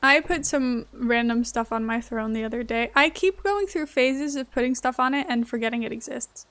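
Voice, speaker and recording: Giggly high-voiced woman streamer. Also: normal speed, a bit bright. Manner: giggly, chatty, answering chat. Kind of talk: casual gameplay chat.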